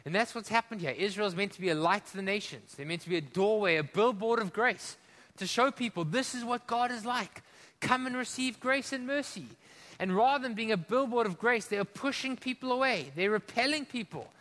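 A male preacher from Africa delivering a sermon, impassioned, swinging between loud emphasis and hushed drops and asking the congregation questions. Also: sits high, fairly quick, long reverb tail.

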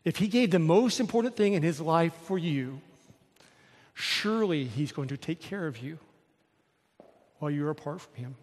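Man, pastor, high voice, emphatic repetitive sermon, long hall reverb. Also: lively intonation, moderate pace, long pauses, a little mellow.

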